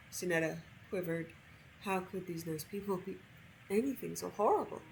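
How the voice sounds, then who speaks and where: A woman with a lowish voice narrating a story over gameplay, reading expressively. Faint game music plays quietly behind her. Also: moderate pace, poor audio.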